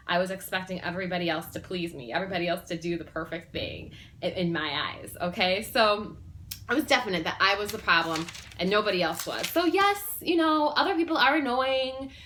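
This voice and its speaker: A woman vlogger chatting straight to camera with a bright, forward tone. She rambles a little, fills gaps with ums and restarts her sentences. She sounds earnest as she shares her personal stories. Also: medium pitch, slight background noise. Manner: earnest and warm-hearted, sharing personal stories. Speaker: self-help vlogger. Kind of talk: casual talk to camera.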